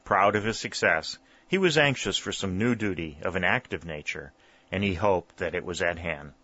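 A man reading a historical novel aloud in a steady, measured narration. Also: sits low, slightly rough, dry recording, muffled recording. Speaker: audiobook narrator. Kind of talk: scripted narration.

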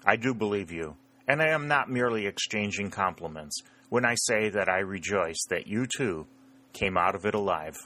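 A man's voice: fairly low pitch, lively intonation, normal speed, bright, forceful tone. A man voicing an eager young male Southern staff officer in a storybook reading, earnest and friendly. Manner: earnest, calling out across water.

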